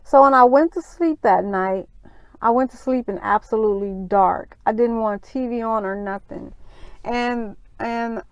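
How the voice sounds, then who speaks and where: Middle-aged lady vlogging a personal story, slow and halting, kinda high voice, dry sound. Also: smooth, dry recording, dull audio. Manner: earnest, halting storyteller with many fillers.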